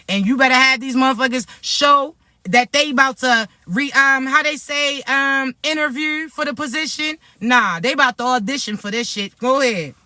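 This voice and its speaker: A woman spiritual reader vlogs straight to her followers, and her voice is bright and forceful. She talks hard, blunt and profane, with streetwise warnings. The sound is dry and close. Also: high voice, normal speed, no room sound. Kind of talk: direct-to-camera spiritual vlog.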